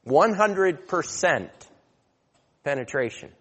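A man preaching a sermon, telling a story and then growing loud and emphatic as he exhorts. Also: a little high, lively intonation, takes it slowly, husky. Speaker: pastor. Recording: long hall reverb.

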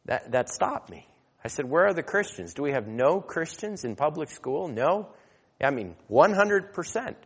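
A man preaching a sermon, telling a story and then growing loud and emphatic as he exhorts. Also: fairly high pitch, very animated, moderate pace, slightly rough. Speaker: pastor. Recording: long hall reverb.

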